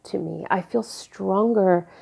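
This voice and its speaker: A woman in her forties speaking candidly to camera, telling personal stories and reflecting slowly and deliberately. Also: mid-range voice, creaky, a little mellow, slightly rough. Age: 40s. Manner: candid, storytelling, turns slow and deliberate when reflective. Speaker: vlogger.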